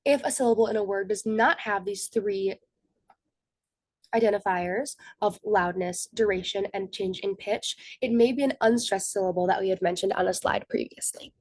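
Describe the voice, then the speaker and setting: A woman's voice: mid-range voice, normal speed, a little mellow, dry recording. A young woman, a student, giving a methodical scripted slide presentation for a class. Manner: methodical, reads from prepared notes.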